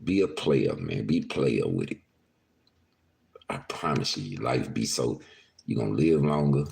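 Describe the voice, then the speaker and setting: Very deep, gravelly man chatting loosely. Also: expressive, a little slow, darkish tone, a little hiss or hum. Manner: loose, profane and laughing, with slang. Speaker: podcast host talking to live chat. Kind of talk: casual livestream chat. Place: indoors, at home.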